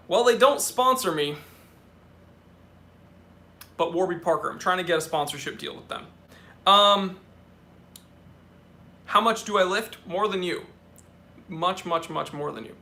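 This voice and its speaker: A man with a high, bright voice runs a casual live Q&A, reading viewer questions aloud. He answers in a joking way, full of quick asides and restarts mid-sentence. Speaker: watch channel host.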